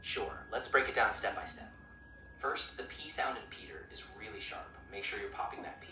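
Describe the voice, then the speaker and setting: A synthetic male voice assistant coaching pronunciation in an upbeat, encouraging way with even-paced explanations. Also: fairly low pitch, normal speed. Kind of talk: friendly coaching chat. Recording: roomy, distant speaker playback with clear noise.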